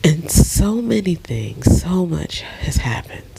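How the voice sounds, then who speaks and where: A middle-aged woman lying in bed in a dark bedroom, talking slowly and emotionally in a soft, often half-whispered voice. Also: low-pitched, sing-song, gravelly, noisy background. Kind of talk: casual personal vlog.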